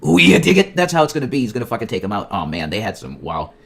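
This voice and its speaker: A man ranting in a casual livestream, profane and excitable, jumping between loud outbursts and muttered asides. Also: lowish voice, very fast, slight background noise. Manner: profane, excitable, nostalgic rambling. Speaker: streamer. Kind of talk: rambling casual livestream chat.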